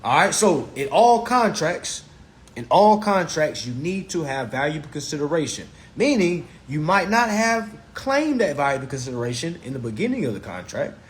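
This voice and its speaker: Man, live teaching, casual and blunt, emphatic, repeats himself, high voice, very lively pitch. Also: normal speed. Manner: emphatic and repetitive, with rhetorical questions and profanity.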